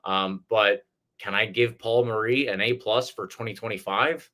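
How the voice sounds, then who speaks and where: A man's voice: on the low side, steady tone, moderate pace, pushed and bright. A man from Scotland co-hosting a sports podcast, talking in a thoughtful, hesitant way with many restarts. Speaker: podcast co-host. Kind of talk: casual podcast chat.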